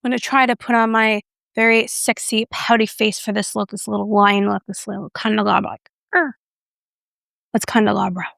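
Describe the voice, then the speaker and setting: A woman doing a casual makeup review vlog, chatty and playful, with self-mocking asides and soft whispered moments. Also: mid-range voice, flat delivery, moderate pace, gravelly, dry recording, studio quality. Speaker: beauty reviewer.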